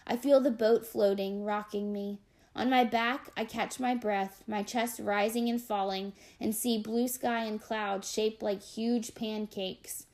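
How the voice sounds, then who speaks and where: A woman narrates an audiobook in the first person, her voice sitting at an ordinary middle pitch. She reads expressively and dramatically, with measured pauses between phrases. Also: steady tone, darkish tone.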